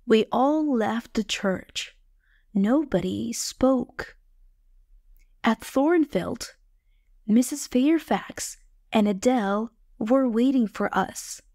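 Female audiobook narrator for learners, very slow, dry close sound. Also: fairly high pitch, a little mellow, no echo. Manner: plain, slow, measured reading. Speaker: audiobook reader. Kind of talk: scripted narration for English learners.

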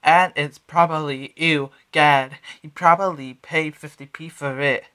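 A man's voice: fairly high pitch, fairly even intonation, a little slow, sharp tone, smooth. Young male singer, sassy and taunting, stuttered repeats, spoken-sung delivery. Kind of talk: sung pop track with spoken-sung verses.

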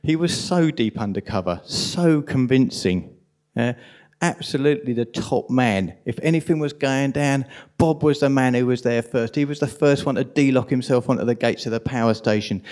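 A man with a strong London accent giving an impassioned, indignant conference talk at a rapid pace. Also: medium pitch, a little mellow. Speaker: conference speaker.

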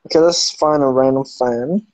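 A man hosts a live phone stream in a playful, teasing way, cursing now and then. His voice sits at an everyday middle pitch and sounds close and dry, with no room around it. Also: moderate pace, darkish tone, no echo. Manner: playful, teasing, swears casually. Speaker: livestream host. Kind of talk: casual live-stream chat with fans. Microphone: phone livestream.

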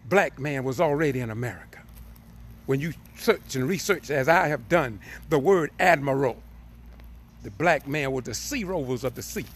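A man preaching with fervor, his voice pitched high for a man and rough with a gravelly fry. The tone is tense and bright, and a husky edge roughens it. He keeps circling back on phrases and builds to forceful peaks. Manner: fervent and repetitive, building to emphatic peaks. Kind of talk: impassioned preaching.

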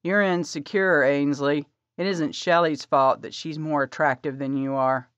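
A woman voicing a cold, dismissive adult boyfriend, speaking flatly and harshly. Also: low-pitched, a little slow, dry recording. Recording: dry, slightly dull audio.

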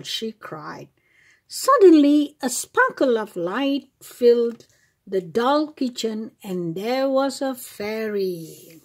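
Slow, sing-song woman reading to kids. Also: on the high side. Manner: slow, expressive, sing-song read-aloud. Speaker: children's channel storyteller. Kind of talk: reading a fairy tale aloud to children.

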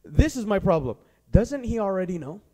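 A high-voiced man preaching in a Southern US accent. He talks easily and plainly, as in conversation, and keeps turning to the congregation with questions. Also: very animated, normal speed, dark tone. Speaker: pastor. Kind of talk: sermon.

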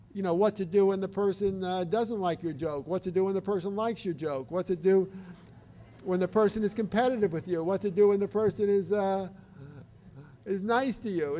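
An older man giving an explanatory talk on child development, animated and acting out baby and parent voices as examples. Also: high voice.

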